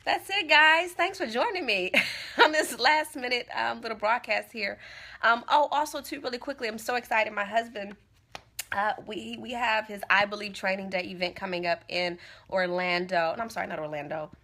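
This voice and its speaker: Bright-voiced woman giving an encouraging livestream talk. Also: fairly high pitch, normal speed. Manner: earnest, encouraging, repeats phrases. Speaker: motivational speaker. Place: Tampa. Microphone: phone.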